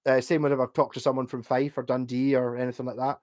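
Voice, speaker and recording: A man's voice: mid-range voice, level tone, fast talker, darkish tone. Tipsy man rambling on a livestream. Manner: rambling, chatty, laughs often. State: drunk. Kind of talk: casual livestream chat, reading out chat. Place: home, late at night.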